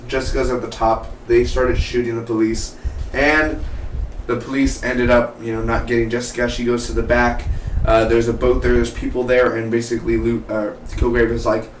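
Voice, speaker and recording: A man giving a casual, excitable spoken review of a TV episode, chatty and full of "man" and "dude". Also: mid-range voice, normal speed. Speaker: TV show reviewer. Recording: echoey room, mic at a distance, faint background hum.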